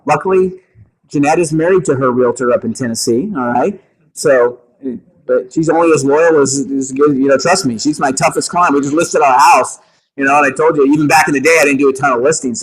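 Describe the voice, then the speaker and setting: A man leading a meeting for real estate agents, coaching them in an energetic way and often checking in with the room. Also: on the high side, slightly rough, rough recording. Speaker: meeting leader at a realty office.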